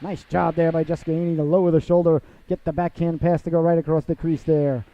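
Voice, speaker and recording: A man calling a live hockey game play by play. He is chatty and theatrical, often says "ladies and gentlemen", and breaks into excited calls on big plays. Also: quick pace. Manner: bursts into excited high calls on goals. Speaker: play-by-play announcer. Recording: dull lo-fi broadcast audio.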